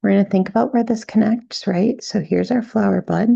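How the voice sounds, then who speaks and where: A woman teaching a step-by-step drawing tutorial, gently talking through each stroke and checking in with "right?" as she goes. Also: medium pitch, moderate pace, vocal fry, husky, no room sound, muffled recording. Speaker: drawing instructor.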